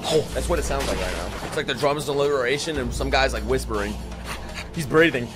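A young man giving a live reaction to an anime, excitable and profane, with bursts of laughter. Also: mid-range voice, a little fast. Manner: excitable, swearing, laughing outbursts. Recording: show audio and music behind. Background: anime soundtrack music.

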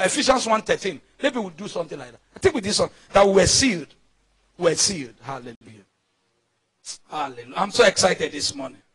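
A Nigerian pastor preaching a fervent sermon, often shouting and calling on the congregation to answer back. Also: male voice, sits high.

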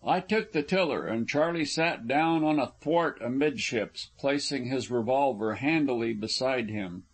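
A man narrating an adventure audiobook in an even, measured reading. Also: mid-range voice, husky. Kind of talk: scripted narration.

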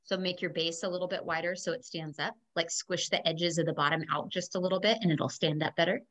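Woman, lower voice, encouraging, helping a kid, soft. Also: fairly even intonation, fast. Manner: coaching a child gently. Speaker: helper at a kids' art lesson.

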